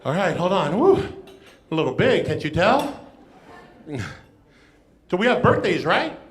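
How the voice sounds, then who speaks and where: A man's voice: sits high, sing-song, a little slow, slight background noise. A man doing a stand-up comedy set on a club stage, playful and self-mocking with punchy jokes. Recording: echoey club room.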